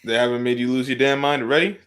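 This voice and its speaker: A man's voice: medium pitch, fast. A man from the US East Coast hosting a casual live stream, ranting and laughing often. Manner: animated ranting with frequent laughs.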